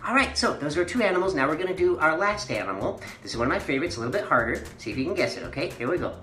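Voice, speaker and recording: With a deep, a bit bright voice and a rapid-fire, expressive delivery, this woman runs a playful mime and movement lesson for children, giving sing-song words of encouragement. Faint music sounds through the echoey room.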